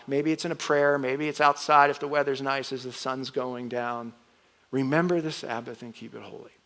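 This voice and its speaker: Middle-aged male pastor, conversational sermon delivery, slightly high voice, stage mic in a reverberant church. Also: clear, resonant tone. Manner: conversational, animated, acts out home dialogue. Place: church auditorium. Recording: long hall reverb.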